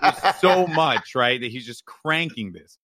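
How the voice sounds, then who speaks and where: Bright-voiced animated storytelling man. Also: mid-range voice, unhurried, no echo, clean studio sound. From New York, US. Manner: animated, profane, peppers with "right?". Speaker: podcast co-host. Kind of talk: casual storytelling chat.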